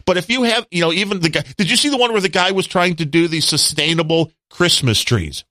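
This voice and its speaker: A man's voice: high voice, expressive, a little fast, sharp tone, no room sound, clean studio sound. A man co-hosting a podcast, chatting casually and joking with rambling asides. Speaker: podcast co-host. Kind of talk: casual chat.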